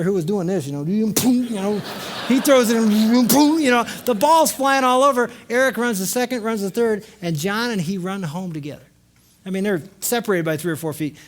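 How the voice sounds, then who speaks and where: A middle-aged man telling a story to a live audience at a marriage conference, acting out voices and shouting lines. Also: high voice, a little hiss or hum.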